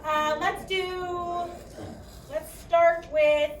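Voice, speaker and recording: In a high voice with little pitch movement and a very slow pace, a young Chicago-accented woman teaches a math lesson, projecting and chatting while frequently asking "okay?" The lecture sounds roomy and echoey, picked up from a distance over a faint hiss.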